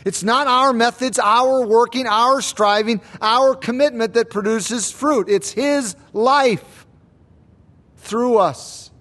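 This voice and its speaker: A man preaching a sermon, slow and deliberate, repeating key words for emphasis. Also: very high-pitched, fairly bright tone. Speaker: pastor.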